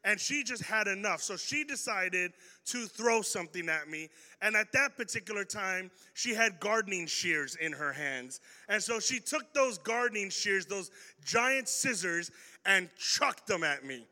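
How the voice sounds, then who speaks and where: In a large hall, a young man gives a storytelling youth talk to a live audience, animated, joking and addressing the crowd directly. His voice is high and his pace a little slow.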